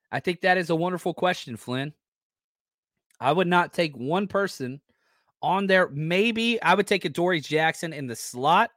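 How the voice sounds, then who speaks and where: A man hosting a casual sports fan podcast, talking excitedly, swearing casually and reading out listeners' questions. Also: fairly high pitch, no echo, studio quality. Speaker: podcast host.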